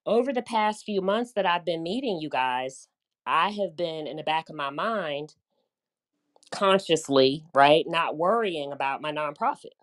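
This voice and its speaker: A middle-aged woman with a light Southern drawl, hosting a casual live chat in a chatty, upbeat way. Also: lowish voice. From United States. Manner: chatty, upbeat, warm with listeners, loose run-on talk. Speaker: host, business coach.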